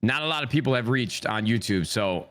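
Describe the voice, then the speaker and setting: A man's voice: mid-range voice, lively intonation, fairly quick, fairly bright tone. A man co-hosting a podcast, talking enthusiastically and rambling, swearing freely. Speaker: podcast co-host. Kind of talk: casual podcast chat.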